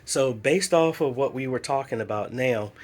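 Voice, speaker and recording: An AV installer vlogs a church job, chatting to his phone camera as he works, calling viewers "folks" and walking through each step. The church building is under renovation, and he's indoors. His mid-range voice moves at a moderate pace.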